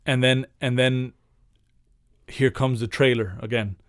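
A man's voice: mid-range voice, steady tone, unhurried, clear, resonant tone, no echo, studio quality. A man co-hosting a podcast, chatting casually in a rambling, profane way and laughing often. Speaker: podcast co-host. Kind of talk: casual chat.

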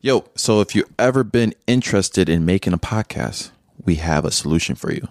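Deep-voiced young man, casual banter. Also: animated, fairly quick, a little mellow, no echo, clean studio sound, soft background music. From Nigeria. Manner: laughing, joking banter. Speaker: podcast co-host. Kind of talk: casual chat.

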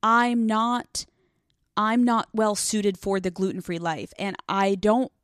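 Woman in her thirties, solo podcast host, casual and profane, self-deprecating, mid-pitched, dry close mic. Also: fairly even intonation, slow, no room sound. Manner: candid, profane and self-mocking, with lots of fillers.

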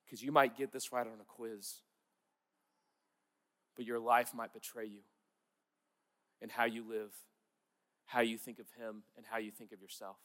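A man's voice: medium pitch, level tone, unhurried, long pauses, a bit bright, in a large hall. A man preaching a sermon in an earnest, conversational way, repeating key words for emphasis. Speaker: pastor.

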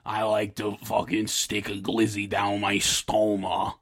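A man voicing a crude man called Big Inge in a low gruff put-on voice. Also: monotone, a little slow, no room sound, studio quality.

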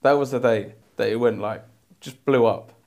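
A man's voice: mid-range voice, moderate pace, darkish tone. A young man, chatting loosely about a memorable day and often filling with "like". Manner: chatty, with lots of likes. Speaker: professional golfer. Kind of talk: interview recollection.

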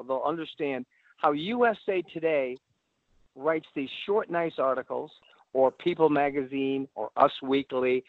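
A man giving rambling, animated advice as a radio guest on a phone line. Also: fairly high pitch, no echo. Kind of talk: casual advice talk. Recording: tinny phone line, dry.

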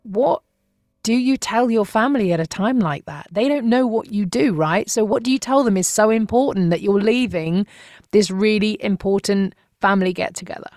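A woman hosting a podcast, who asks questions and reads the credits in a clear, measured way. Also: mid-range voice, darkish tone, no echo, studio quality. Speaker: podcast host. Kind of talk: interview questions and scripted credits.

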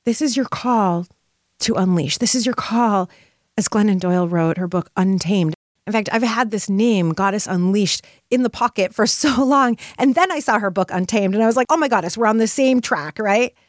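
A woman's voice: medium pitch, moderate pace, no echo, studio quality. A middle-aged woman hosting a motivational podcast, speaking in an impassioned, emphatic, spiritual way. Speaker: podcast host.

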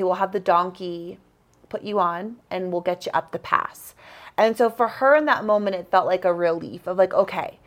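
A young adult woman co-hosting a podcast, telling a story in a casual chat, getting emotional, laughing and tearing up as she talks. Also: mid-range voice. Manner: emotional, breaks into laughter and tears while retelling. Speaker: podcast co-host.

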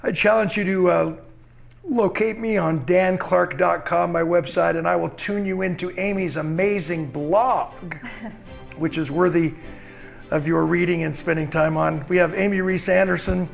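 A man hosting a podcast, with a deeply gravelly, fry-laden voice pitched a touch high for a man. He heaps praise on his guest and wraps up with an upbeat, effusive sign-off. Soft music sits faintly underneath. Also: fairly even intonation, measured pace. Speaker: podcast host. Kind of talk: interview sign-off.

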